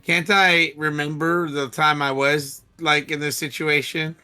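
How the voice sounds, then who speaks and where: A man playing in a tabletop game, asking questions in halting, casual speech. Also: on the high side, level tone, pushed and bright, clear, resonant tone, soft background music. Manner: inquisitive, halting restarts. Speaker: player.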